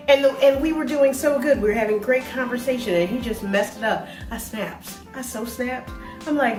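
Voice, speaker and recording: A woman's voice: on the high side, normal speed, darkish tone. Chatty woman in her forties, echoey. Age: 40s. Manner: rambling, chatty, many fillers. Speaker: travel vlogger. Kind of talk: casual chat. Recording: echoey room, mic far off, faint music.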